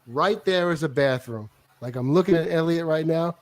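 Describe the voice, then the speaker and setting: A man in his fifties telling a comic story as a talk-show guest, animated and profane, with stammering restarts. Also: a little high, moderate pace. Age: 50s.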